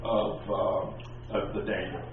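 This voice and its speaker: A man's voice: lowish voice, level tone, slow, noisy background. A man teaching a class, lecturing in an informal, rambling, conversational way. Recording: echoey, distant, tinny classroom recording.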